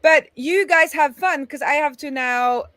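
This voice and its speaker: A woman's voice: high voice, a little slow, a bit bright, no room sound. A woman hosting a casual live coding stream, rambling a little as she works through her screen. Her sentences start, stop and restart while she thinks aloud. The sound is close and dry, with no room around it. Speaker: co-host, web developer.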